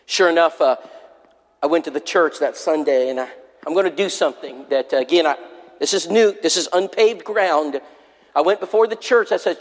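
A preacher with a fairly high voice tells a story from the pulpit, folksy and full of "I said" as he replays a conversation. The sound carries a long reverb from the church hall. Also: fairly quick. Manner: folksy, repeats "I said" while retelling conversations. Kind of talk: sermon storytelling.

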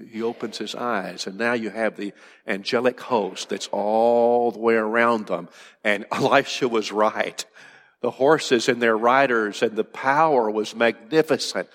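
A man preaching a sermon, earnest, moving between urgent rising questions and soft, calm passages. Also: medium pitch, in a large hall.

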